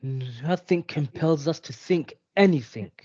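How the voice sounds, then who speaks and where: A young man in his twenties on a video call, slowly repeating phrases after his coach. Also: fairly high pitch, darkish tone, roomy sound, lo-fi sound. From England. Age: 20s. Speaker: student.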